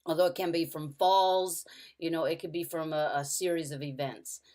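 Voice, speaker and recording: A middle-aged woman sharing a personal caregiving story in an earnest, storytelling way over a video call, going soft and quiet in the hardest parts. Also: low voice, fairly even intonation, normal speed. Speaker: caregiver speaker. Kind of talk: personal testimony talk.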